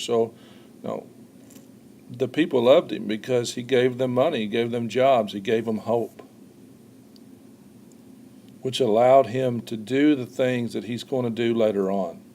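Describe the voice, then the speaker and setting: A man teaching a history lesson in an explaining tone, often pausing with "uh" and repeating words as he goes. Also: medium pitch, a little mellow, a little hiss or hum. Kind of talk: recorded classroom lecture.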